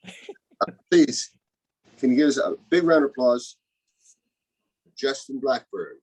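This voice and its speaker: A man hosting a comedy show, introducing the next comedian in a halting way and asking for applause. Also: medium pitch, lively intonation, darkish tone, breathy edge, rough recording. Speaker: host.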